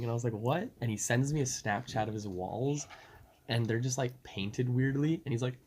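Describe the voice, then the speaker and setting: Animated young man telling stories. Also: medium pitch, fairly quick, slight background noise. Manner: animated, laughing, quoting friends in raised voices. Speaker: podcast co-host. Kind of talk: casual storytelling.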